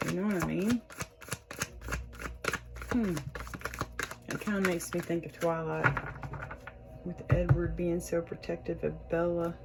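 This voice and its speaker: A woman's voice: lowish voice, fairly even intonation, unhurried, gravelly, pauses often, poor audio. A young woman, chatting casually to her viewers as she reads tarot, laughing often. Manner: chatty, warm, lots of "y'all" and laughs. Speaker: tarot reader, channel host. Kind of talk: casual tarot reading to camera.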